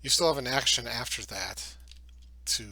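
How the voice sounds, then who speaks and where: A man's voice: medium pitch, expressive, normal speed, a crowd in the background. A man narrating as game master of a tabletop game, in a loose, chatty way with fillers.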